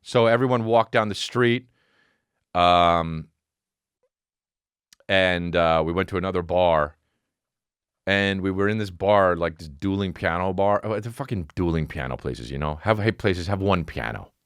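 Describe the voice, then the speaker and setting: A man hosting a podcast, telling a comedic story in a profane, animated way that climbs high as he gets excited. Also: measured pace, long pauses, smooth, dry recording, studio quality. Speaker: podcast host. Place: podcast studio.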